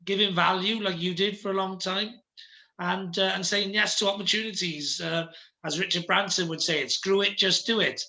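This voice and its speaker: Bright-toned male podcast host. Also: sits high, fairly even intonation. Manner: halting, repeats words while thinking. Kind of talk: casual interview chat.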